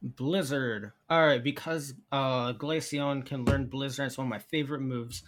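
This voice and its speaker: A man narrating a tabletop role-playing game as game master, chatty and rambling, with soft music behind him. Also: mid-range voice, normal speed, background noise. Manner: chatty, rambling, restarts sentences.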